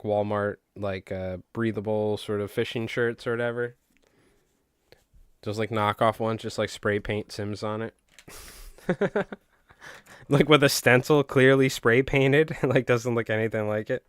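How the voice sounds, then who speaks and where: A man's voice: lowish voice, clean tone, no echo, studio quality. A young man with a Long Island accent chatting casually and jokingly on a live stream while tying flies, rambling with many fillers.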